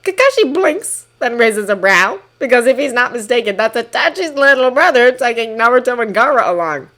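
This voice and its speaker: A woman narrating a fan-written story as an expressive audiobook reading. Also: on the high side, a little fast. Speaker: fanfiction reader.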